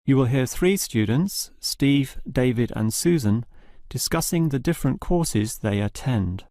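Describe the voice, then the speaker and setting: A man reading formal, measured instructions as the narrator of a listening exam. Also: medium pitch, animated, warm tone, dry recording, studio quality. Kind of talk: scripted test instructions.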